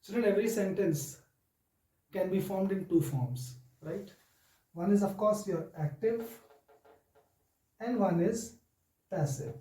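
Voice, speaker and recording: A man teaching a grammar lesson to children, speaking slowly and deliberately and often addressing them directly. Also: high-pitched, mellow, reverberant, far from the mic, low-quality recording.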